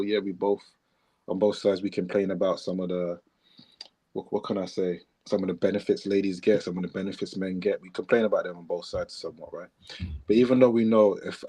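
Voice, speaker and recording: A podcast co-host comments casually and reflectively, leaning on emphatic repeated phrases. His voice is lowish and mellow with a breathy edge.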